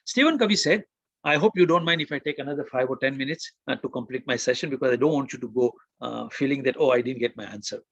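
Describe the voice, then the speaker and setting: A man from India giving a motivational webinar, telling stories and acting out the quotes with lively emphasis. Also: mid-range voice, fast, no room sound, muffled recording. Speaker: webinar presenter.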